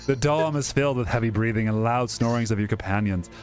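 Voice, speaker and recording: A man's voice: medium pitch, fast, darkish tone. A young man casually reading a story game aloud with dramatic delivery, breaking off for jokes, over faint background music. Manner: reads dramatically, breaks off to joke. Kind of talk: casual let's-play narration.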